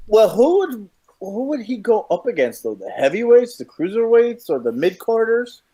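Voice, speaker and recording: A man's voice: high-pitched, big pitch swings, moderate pace, dark tone. A man co-hosting a podcast, chatting easily about wrestling and slipping into silly voices for quotes. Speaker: podcast co-host. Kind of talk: casual profane wrestling chat.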